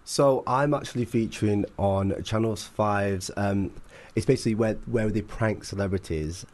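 A man's voice: lowish voice, moderate pace, a little mellow. A man from England, a guest on a chat show, talking in a laid-back, playful way. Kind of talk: casual chat.

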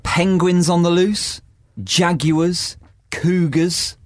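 A man's voice: high voice, little pitch movement, very slow, dry recording, clean studio sound. A British man co-hosting a casual podcast chat, telling stories with a jokey, rambling manner. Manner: chatty, jokey storyteller with um and uh. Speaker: podcast co-host.

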